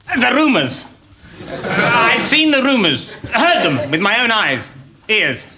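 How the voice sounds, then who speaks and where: An actor playing an excitable, flustered Roman aide who stumbles over his words. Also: extremely high pitch, takes it slowly, background noise, exaggerated voice. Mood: agitated. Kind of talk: sitcom acting.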